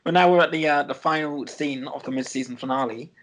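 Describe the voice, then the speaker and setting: A chatty man recapping a TV show episode, with a voice pitched a bit above average. He rambles between plot points and often breaks into giggles. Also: fast, rough recording.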